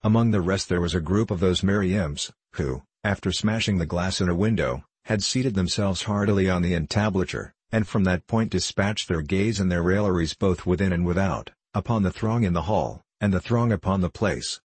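A man narrating an audiobook in a measured, evenly paced reading. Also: low voice, husky, no room sound.

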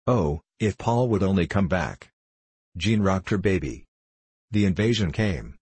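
Deep husky male storybook narrator. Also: animated, measured pace, a little mellow, no room sound.

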